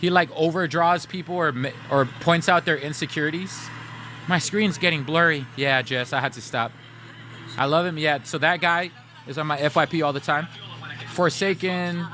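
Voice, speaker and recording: A man's voice: fairly high pitch, moderate pace, pushed and bright, slight background noise. A man livestreaming, chatting casually with his viewers, addressing the chat directly and laughing often.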